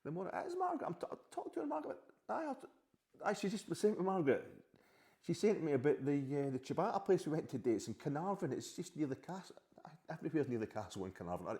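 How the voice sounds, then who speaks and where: A middle-aged Scottish man with a lowish, dark-toned voice hosts a podcast, rambling sheepishly through a comic monologue and answering back to his unseen wife.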